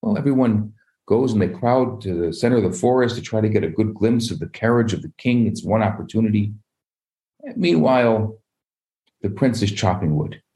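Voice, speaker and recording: A man, a rabbi, telling a parable in an animated sermon, acting out the voices of its characters. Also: lowish voice, normal speed. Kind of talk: storytelling sermon.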